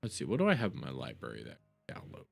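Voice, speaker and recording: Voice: very deep voice, huge pitch swings, rapid-fire, gravelly, no room sound, soft background music. A streamer chatting live while reacting to clips, rambling, repeating themselves, stammering and laughing often.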